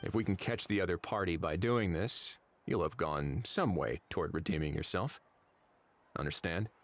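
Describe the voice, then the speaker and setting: A man's voice: deep voice, moderate pace, dry recording, lightly acted. A man playing a weary stern official.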